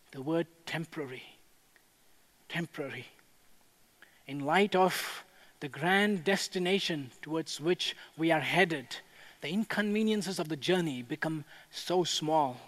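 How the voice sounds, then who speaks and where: A high-pitched male pastor preaching in a big, echoing hall. He speaks in measured, earnest phrases and rises to fervent, ringing declarations. Every line carries a long reverb tail. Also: fairly bright tone. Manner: builds to impassioned proclaiming. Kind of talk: sermon.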